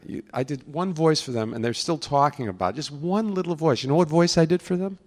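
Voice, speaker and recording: At a convention in a large hall, a voice actor tells anecdotes to a crowd, laughing as he goes and slipping into voices. His voice is a little high, and he moves fairly quickly with hardly any pauses.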